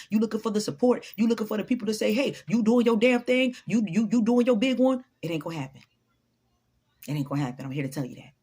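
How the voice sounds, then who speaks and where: A woman's voice: medium pitch, a little mellow, breathy edge. A woman giving an unscripted motivational talk to her followers, blunt, profane and preachy. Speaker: motivational vlogger.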